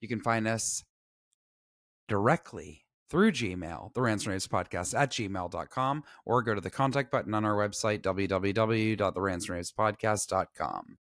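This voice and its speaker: Low-voiced woman podcast co-host. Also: moderate pace, no echo. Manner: warm agreeing listener, frequent mm-hmms. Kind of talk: casual chat. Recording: dry close sound, remote call.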